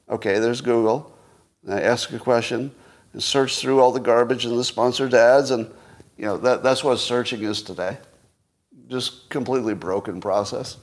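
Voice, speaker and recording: A man in his sixties hosting a solo commentary show, rambling and self-mocking with frequent chuckles. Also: mid-range voice. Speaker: podcast host.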